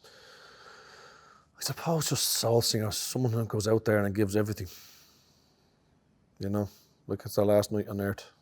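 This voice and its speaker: Middle-aged Irish male guest: a low-pitched, easygoing talker who muses aloud. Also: a little slow, pauses often. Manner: relaxed and reflective, many "you know" fillers. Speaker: musician guest. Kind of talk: conversational interview.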